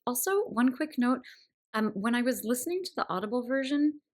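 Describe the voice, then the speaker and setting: A woman's voice: on the high side, animated, a little fast. A woman hosting a book podcast, talking through a novel with admiring enthusiasm and thoughtful asides. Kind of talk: literary discussion monologue.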